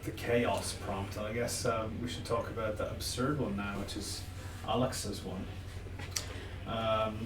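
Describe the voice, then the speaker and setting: A man's voice: lowish voice, fairly even intonation, unhurried, noisy background. A man co-hosting a podcast in casual chat, chiming in briefly and steering the talk. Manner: brief interjections, steers the discussion. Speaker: podcast co-host. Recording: echoey room, far from the mic.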